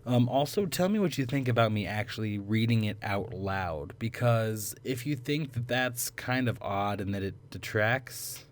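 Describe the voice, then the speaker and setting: A man's voice: on the low side, expressive, moderate pace, hardly any pauses. A young man reading a visual novel aloud, breaking off for chatty, laughing asides full of ums. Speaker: gaming video creator.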